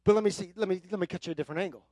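A man preaching a sermon from the pulpit, emphatic and building into forceful runs. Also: high voice, very fast, no echo. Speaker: pastor.

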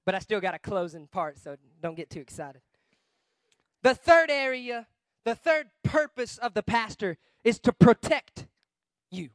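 A man preaching a guest sermon with emphasis, swinging between shouting and quiet asides. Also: sits high, sing-song, unhurried, dry recording.

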